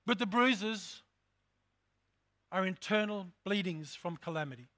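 A man's voice: sits high, lively intonation, measured pace, pushed and bright. A man preaching a sermon as pastor, emphatic, repeating phrases and calling out to the congregation.

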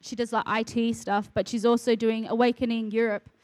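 High-voiced earnest woman telling a testimony. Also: flat delivery, brisk, a little mellow, no room sound. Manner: earnest storytelling, quotes others. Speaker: ministry worker. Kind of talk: testimony in conversation.

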